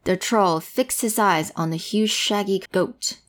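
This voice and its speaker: A woman's voice: medium pitch, unhurried. A woman reading a storybook to a child, playful and full of questions. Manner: playful, asks questions, switches languages. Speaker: bilingual storyteller.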